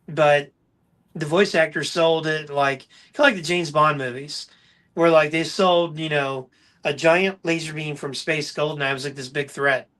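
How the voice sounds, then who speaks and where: A man's voice: fairly high pitch, fairly bright tone. A man hosting a podcast, telling stories in casual chat with enthusiasm. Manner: enthusiastic storyteller. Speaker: podcast host.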